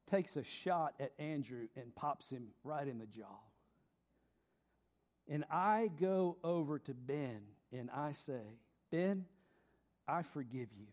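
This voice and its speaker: A middle-aged male pastor preaching a sermon, dropping to hushed tones and rising to loud emphasis, asking his listeners questions and joking with them. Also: fairly high pitch. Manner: asks the congregation questions, jokes with them.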